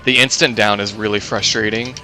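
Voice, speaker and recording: A man's voice: lowish voice, steady tone, brisk, pushed and bright, faint music behind. A man giving casual live commentary on his own speedrun, explaining game mechanics with many fillers and restarts.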